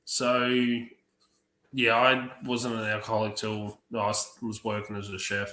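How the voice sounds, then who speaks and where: A man telling profane, lively stories on a livestream, acting out the other people's lines. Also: fairly low pitch, unhurried. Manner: profane, animated anecdotes acting out other voices. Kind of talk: casual storytelling on a livestream. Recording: roomy echo.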